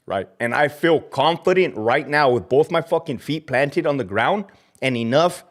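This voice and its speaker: With a medium-pitched voice, a middle-aged livestream host who used to be a corrections officer rants heatedly about that former job. He reads and answers chat comments in a profane, mocking, fired-up way, dropping Spanish slang throughout.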